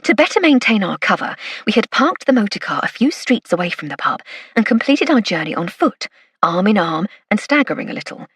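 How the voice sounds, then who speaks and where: Woman audiobook narrator, wry and measured, dry close sound. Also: mid-range voice, big pitch swings, fairly bright tone, breathy edge, no echo. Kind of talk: scripted first-person narration.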